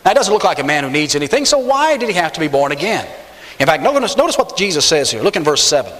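A man preaching a sermon, stressing key words by jumping up in pitch and slowing down. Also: big pitch swings, fairly bright tone. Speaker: pastor. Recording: long hall reverb.

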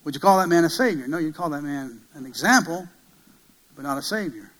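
A man preaching a sermon, emphatic, swinging from loud peaks to hushed passages and asking many rhetorical questions. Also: a little high, lively intonation, fairly quick, rough recording.

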